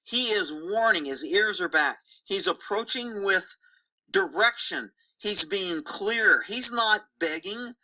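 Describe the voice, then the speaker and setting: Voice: mid-range voice, lively intonation, slow pace, pushed and bright, rough recording. A horse trainer narrating video footage in an emphatic, repetitive way with folksy slang.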